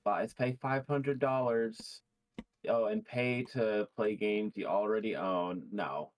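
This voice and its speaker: A man's voice: fairly low pitch, slow pace. A man reacting on a live stream, blunt and outraged, swearing freely.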